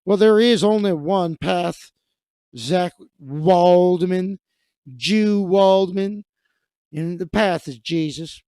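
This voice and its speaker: A man's voice: high-pitched, slow pace, dark tone, clear, resonant tone, no echo. A man imitating an angry, preachy male finance radio host who scolds a caller. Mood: scolding.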